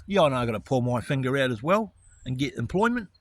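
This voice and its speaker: Brief: man, solo vlogger rant, heated and swearing, average pitch. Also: big pitch swings, quick pace. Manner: angry, profane, righteous indignation. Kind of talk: ranting monologue to camera.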